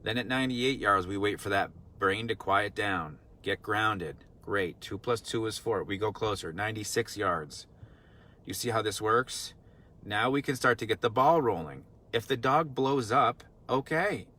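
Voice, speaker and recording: A man's voice: fairly low pitch, a little slow, sharp tone. A man working as a dog trainer, explaining in a casual teaching talk, earnest and repetitive, full of rhetorical questions. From Vermont.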